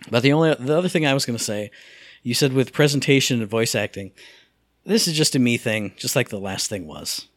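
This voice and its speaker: A man's voice: mid-range voice, animated, a little fast, no room sound. A middle-aged man co-hosting a casual gaming podcast, rambling and self-amused, often restarting his sentences. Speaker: podcast co-host.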